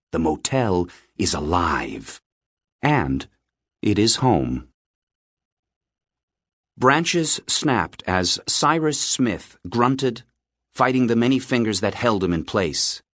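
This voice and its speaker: A very deep male voice carries this audiobook narration, unhurried and lively in its rise and fall. It is recorded close and bone-dry, with measured, expressive storytelling throughout. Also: dry recording. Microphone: close studio mic.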